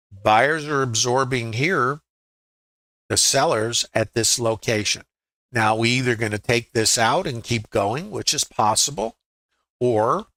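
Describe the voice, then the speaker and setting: Recorded with no room sound and low quality, a futures trading educator in his sixties talks viewers through live trades in a mid-range, slightly bright voice. His style is conversational, full of rhetorical questions and frequent checks that people are with him.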